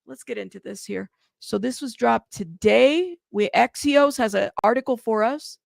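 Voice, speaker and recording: A woman's voice: a little high, normal speed, vocal fry, dry recording, studio quality. A woman hosting a casual live news commentary show, chatty and playful, laughing often as she reads out viewer comments. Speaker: host of a news commentary livestream.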